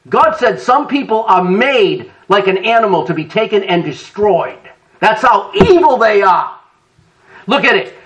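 A man's voice: high voice, recorded from a distance. A male pastor preaching a sermon, telling stories with laughter and acted-out quotes. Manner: animated storytelling preacher, laughs and acts out quotes.

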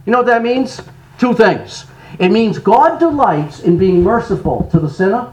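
A man preaches a sermon in a high voice that keeps leaping up and down. He lurches from loud cries to hushed asides and laughs between his lines. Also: moderate pace, a little hiss or hum, rough recording. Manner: animated preaching, sudden loud rises and soft drops. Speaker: pastor.

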